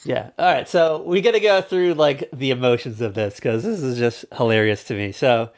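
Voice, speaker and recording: A man's voice: mid-range voice, normal speed. A young man co-hosting a podcast, casually recapping an old TV special with jokes, rambling and acting out lines in a raised voice. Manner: rambling, jokey, acts out quotes in raised voices. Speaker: podcast co-host.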